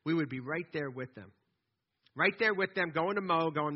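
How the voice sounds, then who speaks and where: A man with a husky, somewhat high voice delivers a conversational sermon, stumbling and restarting as he builds his point. The recording is dull and lo-fi. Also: normal speed. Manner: animated, conversational preaching with repeated false starts. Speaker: pastor.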